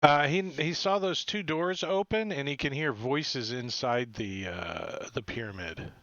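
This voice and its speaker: A man's voice: mid-range voice, a bit bright, dry recording. Man running a tabletop game, lo-fi. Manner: halting, checks rules and players' intentions. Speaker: game master. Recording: dull lo-fi sound.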